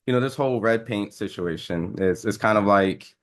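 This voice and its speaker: A man's voice: fairly low pitch, moderate pace. A man interviewing a fighter, asking long, hesitant questions full of "um" and restarts.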